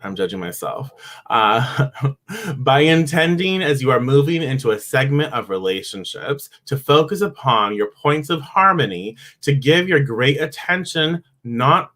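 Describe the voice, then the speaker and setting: A man's voice: mid-range voice, expressive, measured pace, a bit bright. A man giving an oracle card reading on a live stream in a casual, chatty way, greeting viewers by name as he talks. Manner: acts out grumbling inner voices.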